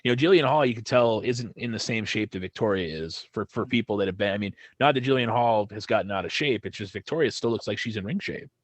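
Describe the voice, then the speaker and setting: A man's voice: on the low side, lively intonation, fast talker, hardly any pauses, dry recording. A man co-hosting a wrestling podcast, talking casually in a rambling way and swearing when he gets heated. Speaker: podcast co-host. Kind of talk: casual chat.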